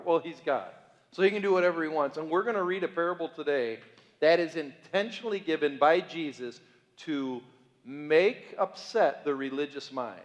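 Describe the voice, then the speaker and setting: The reverberant church hall carries a man's somewhat high voice at a moderate pace as he preaches from the sanctuary. As pastor, he jokes, talks conversationally and keeps asking the congregation rhetorical questions.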